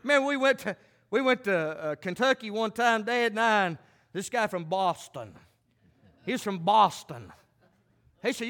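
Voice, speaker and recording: Preacher man, real high bright voice, folksy sermon that gets loud and fired up. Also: very animated, normal speed. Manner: folksy, builds to shouted fervent preaching. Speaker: pastor. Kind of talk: fiery country sermon.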